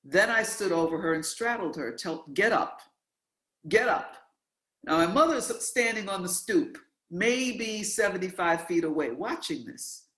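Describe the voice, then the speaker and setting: A man with a fairly high voice tells a long story in a relaxed, conversational way. He acts out the voices of the people he quotes. The room has a roomy echo around him. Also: moderate pace. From New York.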